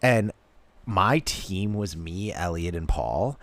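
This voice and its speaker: A man's voice: sits low, lively intonation, slow, no room sound. A man co-hosting a podcast in casual chat, jokey, laughing a lot and tripping over his words. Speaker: podcast co-host.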